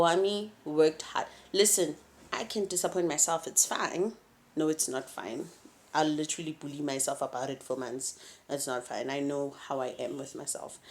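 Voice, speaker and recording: A young woman speaks to her camera in a vlog. Her voice sits a little low, and she moves between laughter and heavy, emotional moments as she talks openly. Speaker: YouTube vlogger. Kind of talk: casual chat to camera.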